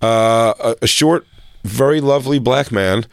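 A man's voice: mid-range voice, a little slow, dry recording, clean studio sound. A man co-hosting a comedy podcast, telling crude anecdotes in casual chat and laughing often. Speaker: podcast co-host.

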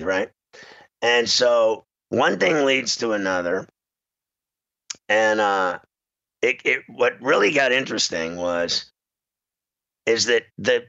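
Gravelly, lively male sports talk host. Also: medium pitch, no room sound, lo-fi sound. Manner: rambling storyteller, laughs often, mimics voices. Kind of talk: animated sports talk banter.

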